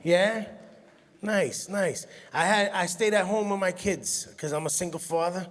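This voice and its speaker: High-voiced New comedian in a reverberant hall. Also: male voice, unhurried. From Brooklyn, New York. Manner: animated storytelling, laughs at his own jokes. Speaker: stand-up comedian. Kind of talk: stand-up comedy set. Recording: long hall reverb from a live venue.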